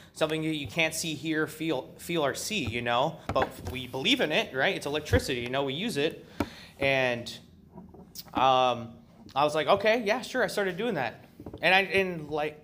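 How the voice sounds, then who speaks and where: A man's voice: a little high, expressive, normal speed, noisy background. A man telling his story at a recovery meeting in a loose, profane way, full of ums and you-knows. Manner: loose and profane, heavy with fillers. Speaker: member sharing at a recovery meeting. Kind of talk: casual personal share.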